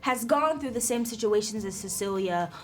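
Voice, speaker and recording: A woman's voice: a little high, lively intonation, moderate pace. A woman actress in a junket interview, earnest and friendly with a giggle now and then.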